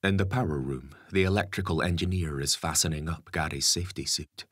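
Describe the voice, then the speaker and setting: A man narrating an audiobook in a steady, expressive storytelling manner. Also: rumbling low, fairly quick, dry recording, clean studio sound. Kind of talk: scripted narration.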